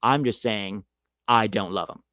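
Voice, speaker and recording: Hosting a casual soccer podcast, this man reads the live chat and responds to viewers in a fairly low, bright, forceful voice, unhurried and opinionated. His manner is blunt and sarcastic with free swearing, and the recording is dry.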